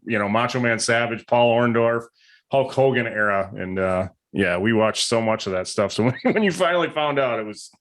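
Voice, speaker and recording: A man's voice: mid-range voice, expressive, moderate pace, fairly bright tone. A man in his forties hosting a podcast, chatting casually and agreeably with his guest. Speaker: podcast host.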